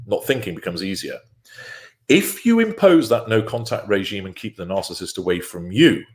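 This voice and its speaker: A man giving a firm, instructive talk on a live stream, asking himself rhetorical questions and answering them. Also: lowish voice. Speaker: guest speaker on narcissistic abuse.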